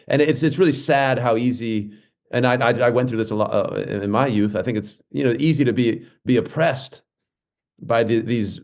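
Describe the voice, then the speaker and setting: A man in his forties talks as a podcast guest, a comedian who tells stories with lively energy. He swears freely and slips into acted-out voices as he goes. His pitch sits in the middle range. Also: moderate pace. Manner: animated storyteller who swears freely and acts out quotes. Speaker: guest comedian and clown performer. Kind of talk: casual podcast chat.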